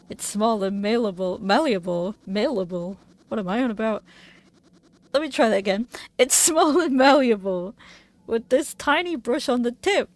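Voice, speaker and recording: A woman voicing a curious, excitable male game character who fusses over dirty stones, reading the lines in a soft, hushed, earnest way. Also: on the high side, dry recording. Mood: excited. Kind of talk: reading game dialogue aloud.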